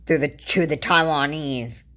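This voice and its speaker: A woman talks through political views in a loose, casual commentary. Her voice sits low and she takes her time, and her thoughts wander and halt, with frequent restarts along the way. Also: fairly bright tone. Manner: rambling, halting, with frequent restarts and fillers. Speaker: vlogger.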